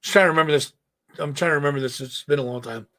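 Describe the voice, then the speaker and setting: A man hosting a casual live stream, hoarse, telling a rambling, profane story and breaking off to talk to his chat. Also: a little high, racing, bright, forceful tone. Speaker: host.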